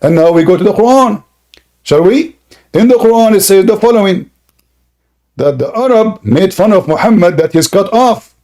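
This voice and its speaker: Combative high-voiced man, straining throat. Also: animated, moderate pace, mellow. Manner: combative, insulting, repeats questions. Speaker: debate host. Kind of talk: heated online debate.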